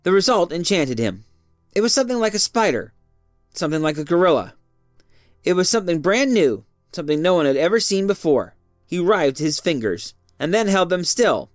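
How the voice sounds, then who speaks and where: Expressive storyteller over soft music. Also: mid-range voice, moderate pace, no room sound, clean studio sound. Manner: expressive, varied reading. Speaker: narrator. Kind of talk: storybook reading.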